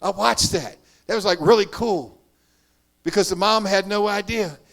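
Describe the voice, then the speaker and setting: A man preaches his testimony in a fairly high voice. He tells it earnestly, swinging between loud emphatic bursts and quiet, hushed asides. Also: normal speed, vocal fry. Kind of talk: sermon testimony.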